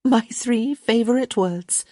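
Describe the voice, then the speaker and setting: A woman's voice: fairly high pitch, animated, moderate pace, darkish tone, husky, no echo, studio quality, pitched above the performer's own voice. A woman voicing a frank, curious young society lady who teases and speaks her mind. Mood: teasing. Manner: frank and teasing.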